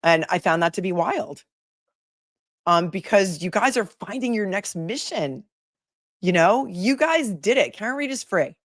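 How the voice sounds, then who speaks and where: A woman's voice: medium pitch, lively intonation, unhurried, no echo, studio quality. A woman attorney hosting a casual livestream, chatting and rambling as she reads viewer comments aloud, older than her peers. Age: older than her peers, calls herself the old lady of the group. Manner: chatty and rambling, with many fillers and restarts.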